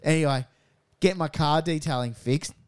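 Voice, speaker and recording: A man's voice: fairly high pitch, normal speed, smooth. A man with an Australian accent, a podcast co-host telling rambling stories in casual chat and mimicking the people in them.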